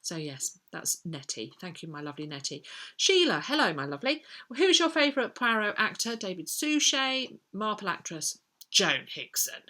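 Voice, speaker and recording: A woman's voice: medium pitch, big pitch swings, normal speed, bright, forceful tone. A middle-aged woman, chatting casually as a book vlogger answering viewer questions, with frequent ums as she thinks aloud. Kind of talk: casual chat.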